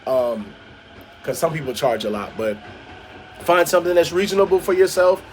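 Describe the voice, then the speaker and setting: A man's voice: a little high, steady tone, normal speed, a little hiss or hum. A young man giving casual vlog advice, rambling with many fillers and repeated words. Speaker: vlogger.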